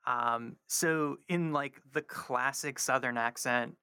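A man's voice: mid-range voice, slow pace, pushed and bright, clean tone, no echo. A male linguistics professor from North Carolina explaining his research in a radio interview, with frequent ums.

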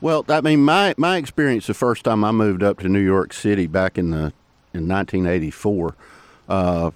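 A man's voice: lowish voice, normal speed, dry recording. A man with a Southern US accent hosting a podcast, narrating and interviewing in an easygoing storytelling way. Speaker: podcast host.

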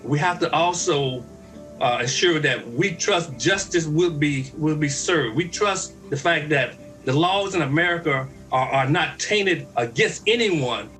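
A man's voice: fairly high pitch, expressive, measured pace, a bit bright, faint music behind, rough recording. Emphatic man addressing the public. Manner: emphatic, repeating phrases.

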